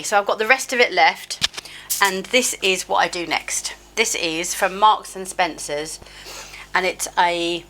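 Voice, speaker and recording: A woman in her fifties talks through her skincare routine at home in a lowish, bright voice. She is chatty and self-deprecating, often laughing at her own mishaps. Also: slight background noise. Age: 50s. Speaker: beauty vlogger. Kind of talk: casual skincare tutorial chat. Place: home, at a sink. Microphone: camera close up.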